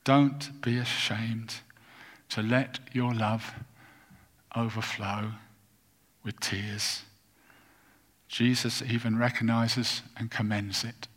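A man preaching a sermon as a pastor, earnest and deliberate, leaning on repetition for emphasis. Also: medium pitch, little pitch movement, fairly bright tone, husky. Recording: long reverb of a large hall.

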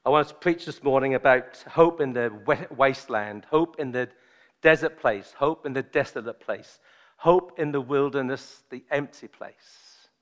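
A man preaching a sermon, joking and chatty with his congregation at first, then slow and solemn. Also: medium pitch. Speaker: visiting preacher.

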